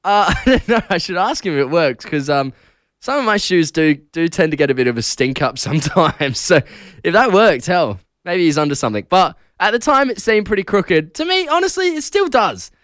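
Young Australian man, breakfast radio host, chatty and laughing, lively swooping pitch, dry close studio sound. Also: moderate pace, no echo. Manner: chatty, laughs often, animated storytelling. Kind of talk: casual breakfast radio chat. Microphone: studio broadcast mic.

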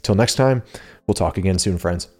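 A man's voice: low-pitched, normal speed, a little mellow, breathy edge, soft background music. A man hosting his own podcast, talking casually and animatedly and laughing at himself now and then. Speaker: podcast host. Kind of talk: casual solo podcast talk.

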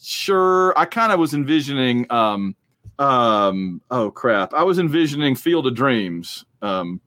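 A man co-hosting a casual movie podcast, talking in a rambling, jokey, animated way. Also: mid-range voice, measured pace, no room sound. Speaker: podcast co-host.

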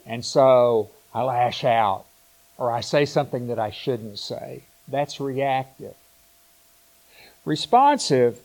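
A man preaching a sermon in a slow, reflective way, pausing and restarting his phrases as he thinks aloud. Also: fairly high pitch, a little mellow, low-quality recording.

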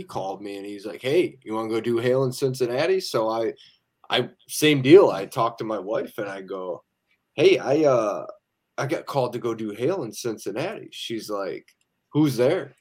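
A man guest on a casual podcast, recounting a story in a relaxed way and quoting his wife. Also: medium pitch, moderate pace. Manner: relaxed storyteller with frequent fillers and quoted dialogue. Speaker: podcast guest, dent repair technician. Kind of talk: casual chat.

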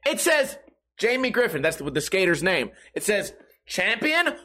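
A man's voice: high voice, big pitch swings, moderate pace, bright, forceful tone. A young man hosting a comedic podcast, ranting in an exasperated, profane way with mocking voices. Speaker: podcast host.

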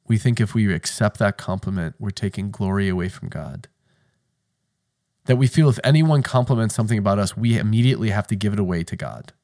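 Earnest man in his thirties hosting a faith podcast, emotional monologue with quiet asides, mid-pitched voice. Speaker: podcast host.

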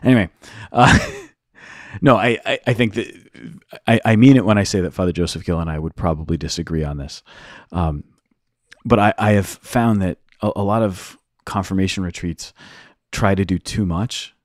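Low-voiced man explaining earnestly. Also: normal speed, dry recording, clean studio sound. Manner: earnest, rambling explanations with many restarts. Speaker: podcast co-host, youth minister and teacher. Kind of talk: casual podcast chat.

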